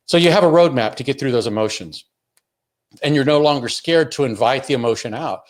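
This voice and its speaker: A man's voice: mid-range voice, fairly quick. Earnest man giving a teaching talk. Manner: earnest, explains step by step with frequent restarts. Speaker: webinar presenter on emotional learning. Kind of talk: instructional talk.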